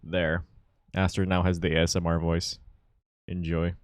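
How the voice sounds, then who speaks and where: A man's voice: low-pitched, monotone, moderate pace, no room sound, clean studio sound. A man streaming live, chatting casually, laughing often and muttering to himself as he clicks through settings.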